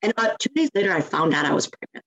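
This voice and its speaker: Animated woman telling stories. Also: lowish voice, racing, highs cut off. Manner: animated storyteller, acts out quoted speech. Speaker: guest, nonprofit founder. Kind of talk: casual interview chat.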